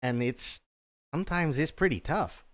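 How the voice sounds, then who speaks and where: A man's voice: a little high, moderate pace, fairly bright tone. Rambling, casual male livestreamer. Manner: rambling, repeats himself, swears casually.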